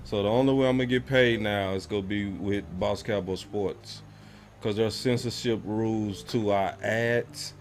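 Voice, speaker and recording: Low-voiced casual livestream host. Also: male voice, steady tone, normal speed, slight background noise. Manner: casual, addresses viewers directly. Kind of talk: live show chat.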